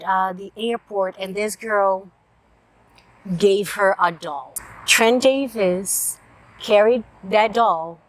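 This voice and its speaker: This book reviewer's voice is medium in pitch and a bit bright. She talks through picture books on camera in a relaxed vlog, earnest, emotional, and now and then tearful.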